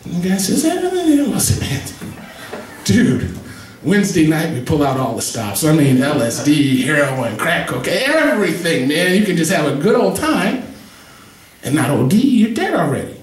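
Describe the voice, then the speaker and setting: A man's voice: fairly high pitch, moderate pace. A man in his forties telling a joke and a story at an open mic, acting out the voices of the people in it. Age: 40s. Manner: animated, jokey, acts out quoted voices. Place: cafe stage at an open mic. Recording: echoey cafe, distant mic, faint noise.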